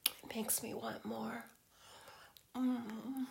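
A woman in a whispered role-play as a girlfriend, teasing in slow, breathy whispers broken by soft hums. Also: a little high.

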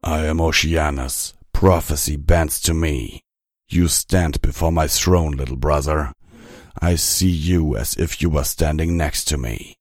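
A man's voice: extremely low pitch, a little slow, no echo, clean studio sound, exaggerated voice. A man voicing an ancient, cold, godlike male being with an imperious manner.

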